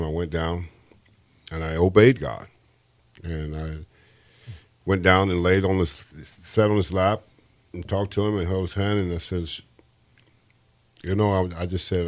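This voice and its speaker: A man's voice: low voice, darkish tone. A man as an interview guest, telling an earnest, rambling faith testimony and often restarting his sentences.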